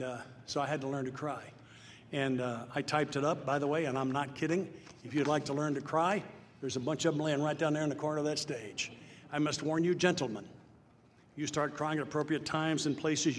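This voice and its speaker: An older man from Nashville, Tennessee, gives a personal testimony at a recovery meeting in a large hall, earnest and plain-spoken with a mid-range voice, building into loud emphatic lines. The live hall adds long reverb and faint noise.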